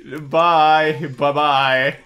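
A man's voice: a little high, flat delivery, extremely slow, pushed and bright, clear, resonant tone. A young man commentating a video game playthrough in a goofy, jokey way, swearing and laughing. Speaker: gaming video host. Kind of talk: let's play commentary.

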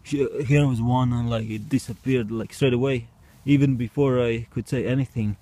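A man's voice: mid-range voice, steady tone, normal speed, warm tone, no room sound. A man talking casually outdoors at night as he runs a small experiment, hesitant and wondering, with bursts of animal imitations. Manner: hesitant, wondering, with bursts of mooing, barking and meowing. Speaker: vlogger.

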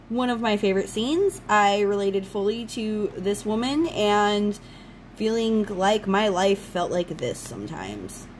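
Casting: woman vlogger, mid-pitched, gushing fan chatter, casual unboxing. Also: expressive, a little slow, slight background noise, rough recording. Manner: gushing, enthusiastic fan talk. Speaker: channel host.

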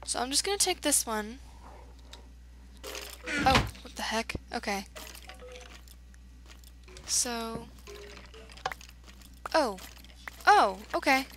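A woman's voice: a little high, animated, takes it slowly, pauses often, background noise. A woman chatting through a let's play, reacting aloud to the game as she goes. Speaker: gamer.

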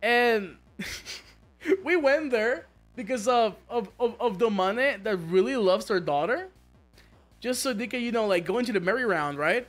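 A man streaming a game, chatting casually and telling stories, excitable and swearing a lot with frequent laughter. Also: extremely high pitch, a little slow, faint music behind. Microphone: streaming mic.

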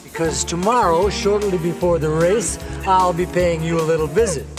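A performer playing a slow, menacing villain with a drawling, threatening manner. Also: medium pitch, steady tone, over music, natural voice.

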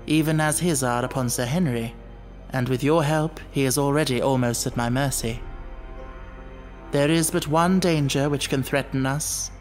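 A man reading a commanding middle-aged detective for an audiobook, clipped and intense, in a mid-pitched voice that takes its time over every word. Faint music plays underneath. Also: close to an everyday voice. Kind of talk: audiobook character voice.

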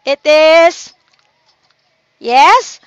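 A woman's voice: sits high, expressive, no room sound, lo-fi sound. A middle-aged woman with a Filipino accent teaching an online class, patient and repetitive, mixing Tagalog into her English. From Philippines. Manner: slow and patient, many "okay"s, mixes Tagalog and English.

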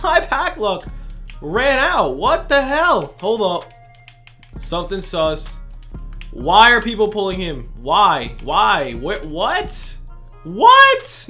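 A young man, a gaming YouTuber, giving excitable, slangy pack-opening commentary full of shouts of disbelief. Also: sits high.

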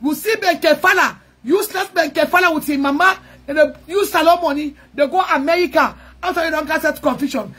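A woman with a Sierra Leonean Krio accent giving a rousing political speech to supporters, fiery and chanting slogans, often shouting. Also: sits high, fairly quick, hardly any pauses. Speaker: political activist addressing supporters.

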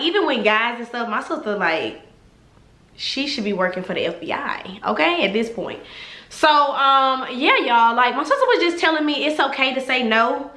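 A young adult woman telling an animated, sassy storytime to her viewers in a casual vlog. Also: a little high. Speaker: vlogger. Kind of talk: casual storytime chat to camera. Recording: echoey room.

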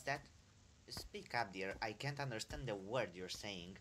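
A man's voice: lowish voice, a little slow, a bit bright, a little hiss or hum. A man voicing a cruel, mock-polite male villain with a slightly British accent in a homemade toy film. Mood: taunting.

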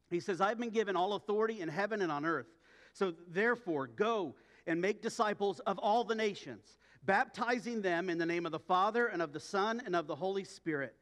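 A man's voice: on the high side, a bit bright. A man preaching a sermon as a pastor, in a conversational way with joking asides. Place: church sanctuary. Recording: long church reverb.

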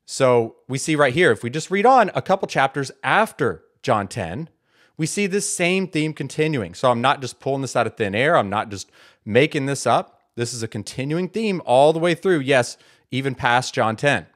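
Emphatic man teaching scripture, lively pitch. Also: normal speed. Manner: emphatic, asks rhetorical questions and answers them; repeats words for stress. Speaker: online Bible teacher. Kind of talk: Bible teaching commentary.

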